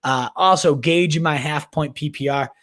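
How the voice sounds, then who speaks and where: With a fairly high, fairly bright voice at normal speed, a man runs a hyped fantasy sports livestream in casual Q&A form. He speaks in slang, dubs viewers "baby" and "my dude," and thinks aloud by restarting and repeating words.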